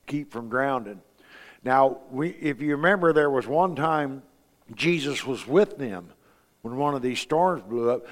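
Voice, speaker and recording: A man's voice: mid-range voice, in a large hall. A man preaching a sermon in a folksy, storytelling way, asking his congregation rhetorical questions. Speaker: pastor.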